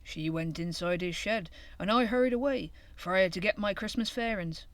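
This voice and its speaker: A woman's voice: mid-range voice, normal speed, no room sound, natural voice. A woman voicing a weary, motherly old countrywoman hedgehog in a storybook, with homely rustic speech.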